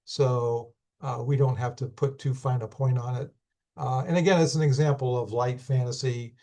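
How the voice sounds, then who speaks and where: Man, hoarse, teacher, recorded class lecture, halting, many fillers, middle pitch. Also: fairly even intonation, warm tone. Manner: unhurried, thinking aloud with many fillers and restarts. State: hoarse, losing his voice.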